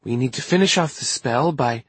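A man voicing a kind, weary older woman who leads a witches' coven, gentle but firm. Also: medium pitch, moderate pace, slightly rough, dry recording, voice pushed up. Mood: calm, firm.

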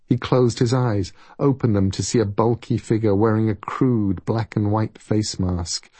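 A man giving scripted audiobook narration in a steady, measured reading. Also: lowish voice, husky, no echo.

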